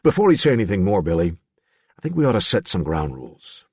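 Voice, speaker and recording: A man voicing a calm, careful writer interviewing someone, speaking in a measured, earnest way. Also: low voice, slightly rough, dry recording, heavily acted.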